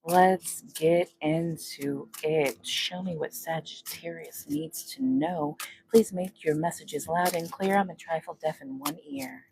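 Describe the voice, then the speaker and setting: A woman's voice: on the low side, a little slow, gravelly, darkish tone, a little hiss or hum. A woman giving a casual tarot reading to her viewers, chatty and talking to spirit, humming as she works. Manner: chatty, talks to spirit and viewers, hums while shuffling. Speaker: tarot reader.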